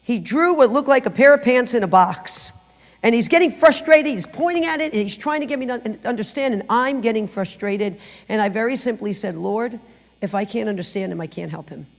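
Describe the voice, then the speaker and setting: A middle-aged woman sharing her personal testimony in church, telling the story with lively acted-out quotes. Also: a little high, brisk, big-room sound. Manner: animated storytelling, acting out quotes. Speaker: guest speaker giving testimony. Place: church sanctuary.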